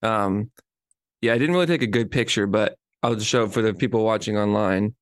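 A young man co-hosting a podcast, chatting casually and relaxed, with lots of fillers. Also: lowish voice, brisk, no echo, studio quality. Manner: relaxed, filler-heavy talk. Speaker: podcast co-host. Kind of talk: casual chat.

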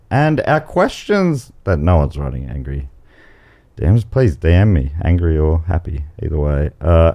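An Australian man hosts a comedy quiz podcast. His pitch swings widely as he reads the questions and rules, and he slips in dry jokes. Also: muffled recording. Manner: wry, jokey rule explanations with playful asides. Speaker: game show host.

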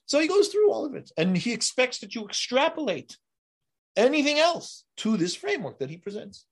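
A man teaching a Torah class, emphatic and building to forceful rises on key points, then dropping to quiet asides. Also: very high-pitched, very animated, normal speed, slightly rough. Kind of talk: Torah lecture.

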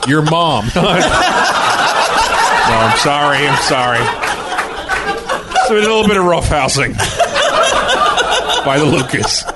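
A man's voice: fairly high pitch, takes it slowly, pauses often, a loud crowd. A man doing a giggling comedy impression of an older filmmaker, rambling and breaking character on a noisy podcast. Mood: wistful rambling.

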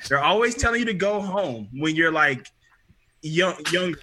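A man's voice: on the high side, normal speed, a little hiss or hum. A young man casually telling a story on a podcast, acting out the people he quotes. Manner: animated, acts out quoted people. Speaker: podcast guest.

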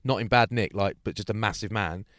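A podcast co-host with a lowish voice and brisk pace relates a story in casual chat, playing out the characters' voices with animation. The recording is dry and clean, with studio sound.

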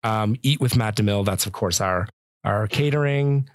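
A man's voice: on the low side, moderate pace, no room sound, clean studio sound. A man from rural Ontario, a chef chatting casually as a podcast guest, rambling with lots of fillers. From rural Ontario, Canada.

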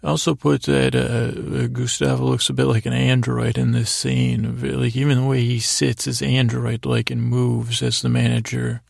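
A man hosting a sleep podcast, giving a meandering, halting bedtime recap full of restarts. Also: mid-range voice, flat delivery, creaky, no echo, studio quality.

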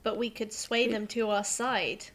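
A woman's voice: on the high side, fairly even intonation, a bit bright, slight background noise. A woman playing in a tabletop game, casually asking the game master questions about the characters. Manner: curious, asks quick questions. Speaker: player.

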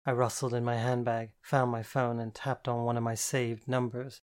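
A woman's voice: rumbling low, level tone, normal speed, darkish tone. A woman narrating a first-person novel in a wry, fretful manner. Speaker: audiobook narrator.

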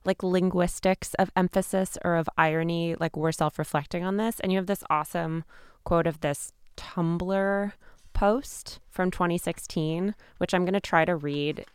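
A woman's voice: fairly low pitch, fairly even intonation, moderate pace, clean tone, no echo, studio quality. A woman hosting a casual interview, asking curious, conversational questions. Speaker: podcast host.

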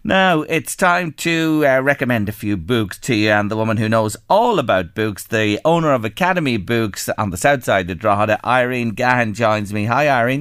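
Irish male host; casual radio chat, animated reading voice, close dry booth sound. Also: mid-range voice, moderate pace, hardly any pauses, clear, resonant tone, no echo. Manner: lively storytelling, animated when reading.

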